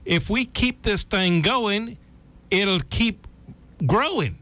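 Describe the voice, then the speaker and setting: A man's voice: high-pitched, lively intonation, bright, forceful tone. A man chatting casually about politics on a talk show, folksy and repetitive, often drawing out his words. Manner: folksy, repeats himself, drawn-out phrasing.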